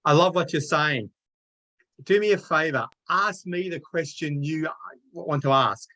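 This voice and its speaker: Calm directive man on a call. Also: a little high, measured pace, poor audio. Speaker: discussion participant. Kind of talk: group discussion.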